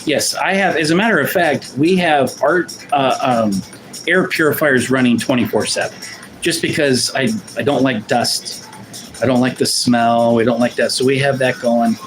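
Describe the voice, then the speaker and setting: An artist from Portland, Oregon, USA, hosts a livestream and chats casually with viewers, rambling and self-deprecating, often restarting sentences. His medium-pitched voice is a bit bright and moves at normal speed, with soft background music and poor audio.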